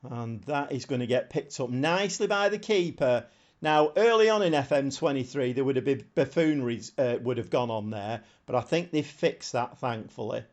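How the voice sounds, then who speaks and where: Excitable man commentating a game. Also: mid-range voice, moderate pace. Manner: excitable, shouts at the screen. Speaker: streamer. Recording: slightly dull lo-fi sound.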